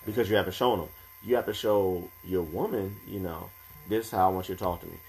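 A young man co-hosting a casual podcast chat, talking in a calm, measured, advice-giving way. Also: sits low, vocal fry.

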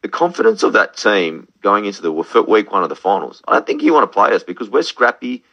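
A man's voice: lowish voice, sing-song, fast, pushed and bright. A man in casual, blunt sports chat, swearing and laughing easily. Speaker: podcast co-host. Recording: dull lo-fi sound.

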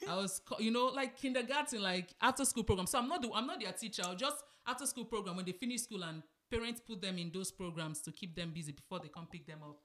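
A woman's voice: medium pitch, quick pace, hardly any pauses, a bit bright. A woman from Nigeria in her thirties with a Nigerian accent, chatting casually as a podcast co-host and telling stories, laughing often and slipping into pidgin. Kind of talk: casual chat.

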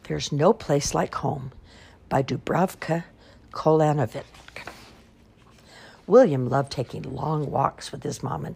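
A woman reading children's picture books aloud in an expressive, sing-song storytelling manner. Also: deep voice, creaky, husky.

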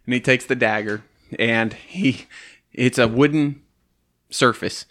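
A man's voice: mid-range voice, slow. A man narrating as game master in a casual tabletop role-playing session. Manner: relaxed, laughs at own dice rolls.

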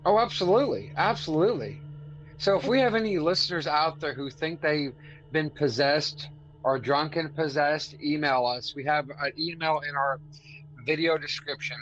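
A man's voice: a little high, normal speed, a little hiss or hum. A man from Arkansas co-hosting a casual podcast, a laid-back storyteller who fills his talk with fillers. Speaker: podcast co-host. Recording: dull lo-fi audio with loud music behind.

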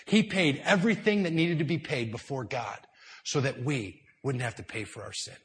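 A man of average pitch delivers a sermon inside a church hall. He tells the story dramatically, sinking to hushed, slow phrases and then rising to loud, emphatic lines. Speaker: preacher. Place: indoor church hall with high ceiling.

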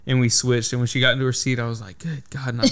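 A man's voice: medium pitch, flat delivery, rapid-fire, fairly bright tone, clear, resonant tone. A young man hosting a podcast, telling a long story in a rambling casual way, full of "like" and swearing. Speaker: podcast host. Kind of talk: casual chat.

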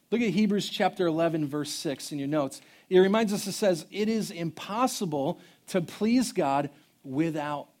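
A man in his thirties preaching a sermon as pastor, telling stories in a conversational, humorous way. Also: high-pitched. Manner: storytelling, conversational and animated with humor.

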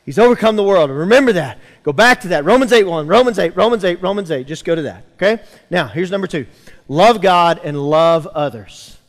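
A man preaches to his congregation in a church sanctuary, his voice sitting a little high for a man. He builds emphasis and calls out to the room. The sound rings with a long hall reverb. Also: expressive, a little fast. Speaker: pastor. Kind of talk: sermon.

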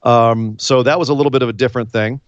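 A man's voice: mid-range voice, fairly even intonation, quick pace, no room sound. Casual male podcast co-host, chatty recapper, dry muffled lo-fi sound. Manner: chatty, laughs while recapping.

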